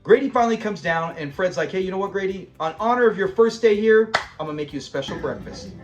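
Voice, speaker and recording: A man chatting through a TV episode review, animated and eager, acting out quoted lines as he retells scenes. His voice runs high, with faint music underneath. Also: fast talker, muffled recording.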